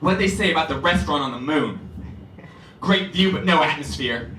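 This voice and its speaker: A young man doing a stand-up comedy set, telling animated stories with acted-out voices, from a club stage. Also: a little high, brisk, background noise. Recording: roomy club, distant mic, crowd laughter.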